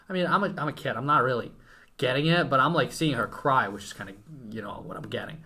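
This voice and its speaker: A young man from Ukraine, a podcast guest, telling a story with excitement and casual swearing. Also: medium pitch, fast talker, breathy edge. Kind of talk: animated storytelling.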